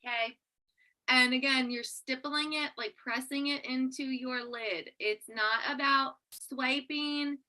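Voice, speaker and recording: A woman's voice: high voice, steady tone, slow pace, sharp tone. A woman co-hosting a casual makeup tutorial, explaining each step in an upbeat, instructive way. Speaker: co-host.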